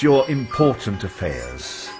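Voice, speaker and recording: An actor playing a flirtatious toy shop owner with slangy, flattering patter in a radio drama. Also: male voice, lowish voice, slow pace, over music, exaggerated voice.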